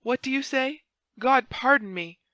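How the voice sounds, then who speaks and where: A woman's voice: medium pitch, moderate pace, pushed and bright, no room sound, highs cut off, natural voice. A woman voicing a haughty, imperious noble duke who speaks with proud indignation. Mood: indignant.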